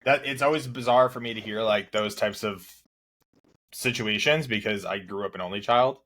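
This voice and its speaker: Male podcast host, lowish pitch, loose conversational questions. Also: moderate pace, fairly bright tone. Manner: rambling questions full of fillers and restarts. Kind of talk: casual interview.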